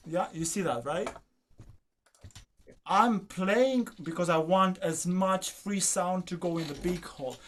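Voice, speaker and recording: A man's voice: high voice, unhurried, a little hiss or hum. A man teaching a violin masterclass, coaxing his student and singing phrases to show them. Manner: coaxing, sings phrases, asks "do you understand?". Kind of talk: masterclass coaching.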